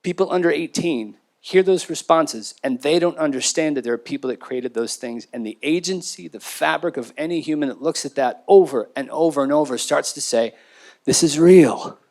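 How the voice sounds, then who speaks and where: A man's voice: a little high, brisk, few pauses, a little mellow. A man speaking as a panelist, talking intensely and emphatically in a university lecture theater. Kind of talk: impassioned panel talk.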